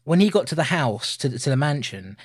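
A man in his thirties co-hosting a casual film review podcast, animated and laughing often. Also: a little high, a little fast, breathy edge. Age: 30s. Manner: animated, laughing, puts on voices for quotes. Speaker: podcast co-host.

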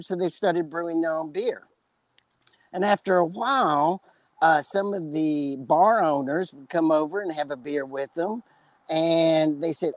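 Speaking slowly in a fairly high voice, a man with a West Texas accent co-hosts a podcast, casually spinning long, rambling, humorous stories. The recording is dry and low quality.

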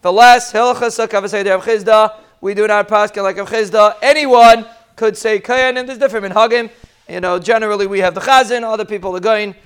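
A man's voice: high voice, a little fast, clean tone. A man giving a live Talmud class, joking the students and calling on them by name. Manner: lively, joking asides to students, mixes Hebrew and Aramaic. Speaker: Talmud teacher.

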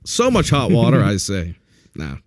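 Lively, crude-talking male podcast host. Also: fairly low pitch, moderate pace, no room sound, clean studio sound. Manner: crude, laughs a lot, animated storytelling. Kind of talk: casual chat.

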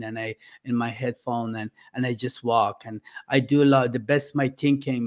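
A middle-aged man from Iran, a podcast guest talking earnestly and haltingly, with many "uh" fillers. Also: medium pitch. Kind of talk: casual interview talk.

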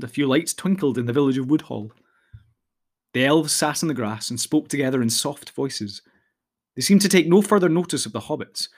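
A man narrating a fantasy novel in a measured, steady storytelling voice. His pitch sits in an ordinary middle range, and he keeps a calm, even pace through long descriptive passages. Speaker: audiobook narrator. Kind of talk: scripted narration.

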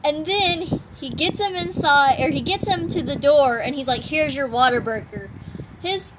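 Giggly, high-voiced young woman. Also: moderate pace, noisy background. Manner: giggly, chimes in with teasing remarks. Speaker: friend in a chat. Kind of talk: casual chat.

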